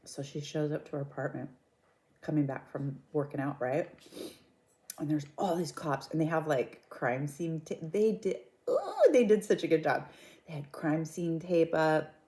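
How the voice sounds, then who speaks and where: A mukbang vlogger retells a story to her viewers in a chatty, gossipy, casual way, reacting freely as she goes. Her voice is low and mellow, with relaxed warmth and a moderate pace.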